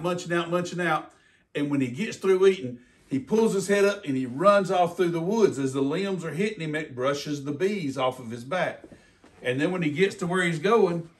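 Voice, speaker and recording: A man's voice: fairly high pitch, distant mic. Folksy older man, heard from afar. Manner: folksy, animated storytelling. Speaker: retired game warden. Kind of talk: educational talk for kids.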